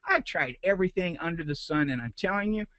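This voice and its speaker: Animated man telling his story. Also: on the high side, quick pace, dry recording, low-quality recording. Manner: animated, retelling a frustrating story with rising intensity. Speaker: business owner giving a marketing talk. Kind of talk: motivational sales talk to a group.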